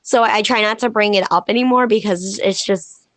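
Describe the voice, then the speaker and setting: A woman pro wrestler, a podcast guest, telling stories in a casual, animated way and acting out quoted dialogue. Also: mid-range voice, normal speed, no echo. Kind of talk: casual podcast interview storytelling.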